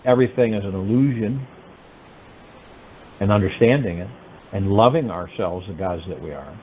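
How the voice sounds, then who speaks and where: A man hosting a meditation call, giving a spiritual teaching talk in an animated, musing way full of rhetorical questions. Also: lowish voice, dull audio, slight background noise. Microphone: telephone conference line.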